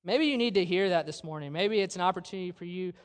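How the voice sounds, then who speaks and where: A male preacher delivering a sermon in a church sanctuary, his voice sitting high for a man. He asks the congregation question after question and slows right down to stress a point. The sound carries a long reverb from the large hall. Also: clean tone. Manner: earnest, with rhetorical questions and slow emphatic phrases.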